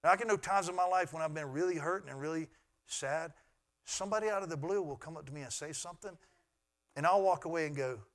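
A middle-aged man, a pastor, preaching a sermon in an earnest way that swings from loud to hushed. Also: on the high side, quick pace.

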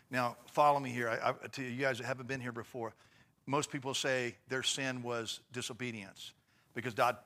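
A man hosting a faith talk show, commenting in an animated, excitable way. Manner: excitable, mimics preachers in high voices.

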